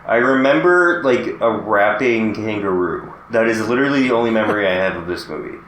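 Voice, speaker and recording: A man's voice: fairly low pitch, animated, fairly quick, a bit bright, slight background noise. Man podcast co-host in an echoey room. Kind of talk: casual chat. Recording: roomy echo.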